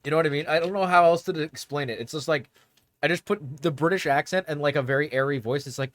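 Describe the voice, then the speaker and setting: A man's voice: a little high, quick pace, fairly bright tone, no room sound. A young man streaming and chatting casually with his viewers in a rambling way, laughing often.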